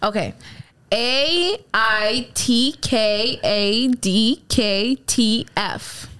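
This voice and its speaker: A young woman talks slowly in a slightly raised voice, fumbling for words as she explains clues. Her speech is hesitant and full of fillers and pauses. It is a relaxed, casual conversation among friends. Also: fairly high pitch, clear, resonant tone. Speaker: game player giving hints. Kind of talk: casual chat.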